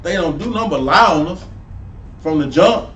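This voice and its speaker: High-voiced street preacher, distant and roomy. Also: male voice, normal speed, soft background music. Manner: preachy, animated, sidewalk slang, rising to near-shouts. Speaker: street preacher teaching a class. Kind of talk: street Bible teaching. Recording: roomy, distant mic with faint noise.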